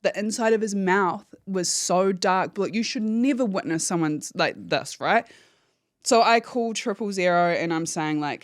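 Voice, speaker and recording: A woman's voice: mid-range voice, a little slow, no echo. A woman tells her story as a podcast guest. She is candid and swears freely, and she acts out the phone calls in quotes. Her voice sits in a middle range and is recorded close and dry. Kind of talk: emotional personal account.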